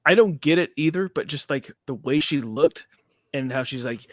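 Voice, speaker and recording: A man with a mid-pitched voice chats casually, tossing in quick questions and reactions. The sound is dry and close, with little room around it. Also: no echo. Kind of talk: casual chat.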